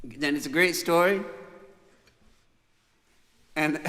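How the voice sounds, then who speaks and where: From the bunker, a musician hosting his livestream spins a rambling family story, chuckling as he goes and restarting often amid plenty of fillers. His voice is mid-range with a fairly bright tone, and the recording carries long reverb.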